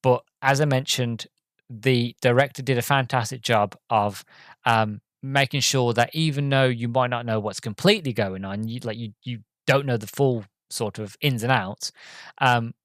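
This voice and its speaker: A man's voice: medium pitch, normal speed, fairly bright tone, no echo. Man rambling through a game review. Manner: rambling, frequent ums and restarts. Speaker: podcast host. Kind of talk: casual solo game review.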